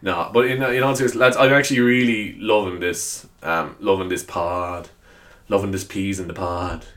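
A man's voice: deep voice, a bit bright. Rambling self-mocking man hosting a podcast. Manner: rambling, self-deprecating, laughs often. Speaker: podcast host. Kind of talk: casual solo podcast chat.

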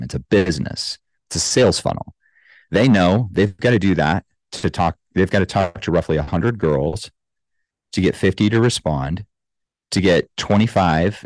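A man with a very deep voice talks as a podcast guest, working carefully through numbers and stressing key points. The sound is dry and close, with no room behind him. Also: a little mellow, dry recording, poor audio. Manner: measured, fact-heavy, emphatic with statistics. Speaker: guest, anti-trafficking organization co-founder. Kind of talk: podcast interview explanation.

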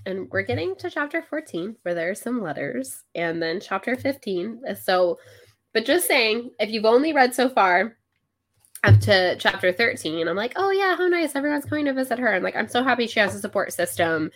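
A young adult woman co-hosting a book podcast, chatting in an animated, exclamatory way with frequent laughs. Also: medium pitch, moderate pace. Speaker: podcast co-host. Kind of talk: casual book-club chat.

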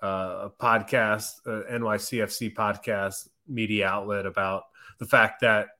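Man hosting a sports podcast, somewhat low and bright, easygoing, asks questions. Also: fairly even intonation, measured pace. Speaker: podcast host. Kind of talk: casual sports podcast chat.

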